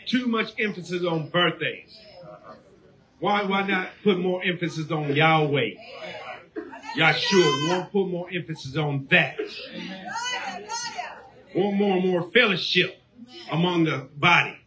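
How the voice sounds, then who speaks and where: High-voiced preacher man shouting sermon. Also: unhurried, pauses often, crowd noise. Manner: preaching call-and-response, rising to shouts.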